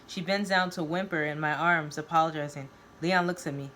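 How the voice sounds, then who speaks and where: A woman reading a first-person novel aloud, expressive and voicing each character. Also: low voice, fairly quick, a little hiss or hum. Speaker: reader of her own novel.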